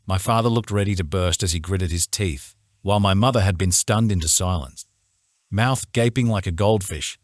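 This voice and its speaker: Deep-voiced male audiobook narrator. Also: moderate pace, no echo, studio quality. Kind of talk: scripted first-person narration.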